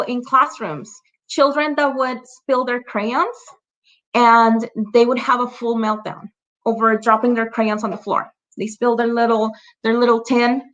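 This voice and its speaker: A woman trainer leads a parent workshop over a video call, her high-ish, slightly bright voice a touch muffled. The online training talk is conversational and chatty; she checks in constantly with "right?" and "you know" and laughs lightly between examples.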